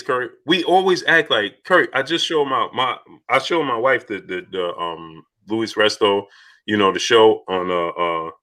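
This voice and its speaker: A man hosting a casual live-stream chat, asking rhetorical questions and shouting out viewers by name. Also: mid-range voice. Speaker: host.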